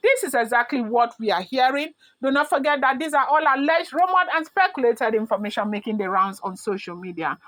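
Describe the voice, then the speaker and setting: A woman's voice: a little high, lively intonation, fairly quick, hardly any pauses, a bit bright. A woman with a Nigerian accent, hosting a celebrity gossip vlog, emphatic and repetitive, firing off rhetorical questions.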